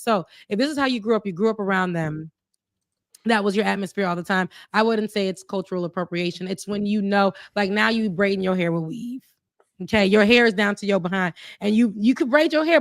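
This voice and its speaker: A woman's voice: medium pitch, no echo, clean studio sound. A young woman co-hosting a casual podcast, chatting animatedly and reading out viewer comments. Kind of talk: casual chat.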